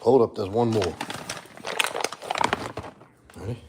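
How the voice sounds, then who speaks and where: A man's voice: fairly low pitch, unhurried, pauses often, darkish tone. A man hosting a casual livestream, answering viewers in the chat and talking to his dog. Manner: laid-back, talks to his dog and viewers. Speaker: livestream host and fitness coach.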